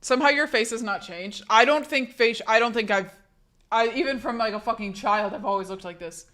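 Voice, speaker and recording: Young female streamer, sick and hoarse, casual and blunt, swears freely, restarts sentences a lot. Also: fairly high pitch, fairly quick, a bit bright. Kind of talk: casual chat reading a live chat.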